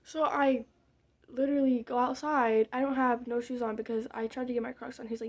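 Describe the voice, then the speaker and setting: A woman's voice: sits high, fast talker. A young woman telling a rambling, candid story in casual vlog style while doing her makeup, with muttered side remarks. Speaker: vlogger.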